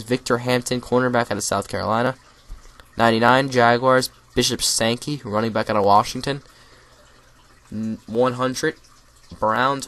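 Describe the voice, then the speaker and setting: A young man reading out a list of draft picks in casual solo commentary, correcting himself and adding quick asides while he is losing his voice. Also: mid-range voice, fairly bright tone. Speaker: mock draft creator.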